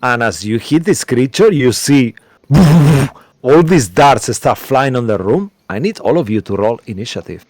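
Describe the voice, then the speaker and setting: A man's voice: medium pitch, animated, measured pace, a little mellow, dry recording. A man narrating a tabletop game as game master, rambling with many fillers.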